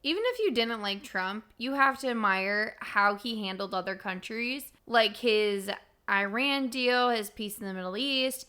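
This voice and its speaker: A woman's voice: fairly high pitch, animated, unhurried, pushed and bright, clean tone. A woman co-hosting a podcast, chatting casually and with strong opinions about politics. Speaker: podcast co-host.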